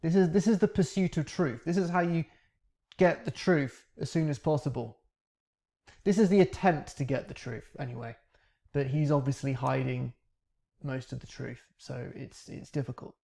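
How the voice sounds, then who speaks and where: A man teaching English, calmly breaking down the grammar of questions he asked in a recorded interview. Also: on the high side, normal speed, creaky. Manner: calm, reflective, breaks down grammar step by step.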